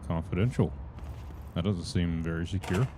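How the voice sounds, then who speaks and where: A man's voice: low-pitched, moderate pace, noisy background. A man with a Southern US accent giving folksy, drawling live commentary while streaming a game. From southern United States.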